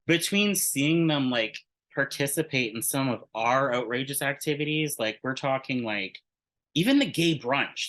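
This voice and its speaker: A man speaks as an interview guest in a bright, forward voice. He rambles through a candid story, stumbling into restarts and leaning hard on "like," with casual swearing along the way. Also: medium pitch, rough recording. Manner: rambling, heavy use of "like", frequent restarts.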